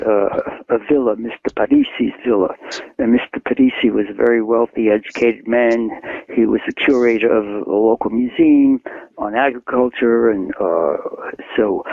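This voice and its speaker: A man's voice: medium pitch, vocal fry, no room sound. An older man, a poet from New York, telling anecdotes in a casual interview, chuckling as he goes. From Queens, New York. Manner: chuckling anecdotal storyteller, acts out quoted voices. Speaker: poet and author, interview guest. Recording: dry, phone-like line.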